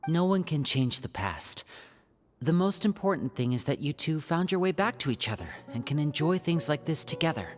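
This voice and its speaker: A woman's voice: sits low, big pitch swings, normal speed, soft background music. A woman voicing a thoughtful young companion who asks questions and offers reassurance.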